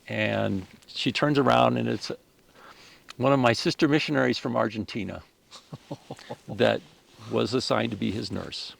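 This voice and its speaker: A man's voice: lowish voice, fairly even intonation, a little slow, gravelly. A man sharing a personal story as a podcast guest, earnest and emotional, often restarting his sentences.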